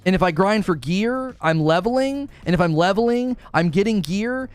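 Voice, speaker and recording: A man's voice: high-pitched, animated, normal speed, clean tone, faint music behind. A man ranting sarcastically in a video commentary about a game, exasperated and mocking. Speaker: gaming commentator.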